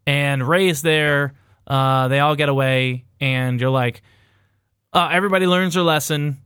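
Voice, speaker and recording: Guy rambling through a movie plot, swears a lot, smooth clear voice, dry sound. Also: a little high, fairly even intonation, unhurried, a bit bright, dry recording. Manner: rambling, irreverent, laughs often. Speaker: podcast host recapping a film. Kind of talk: casual profane chat.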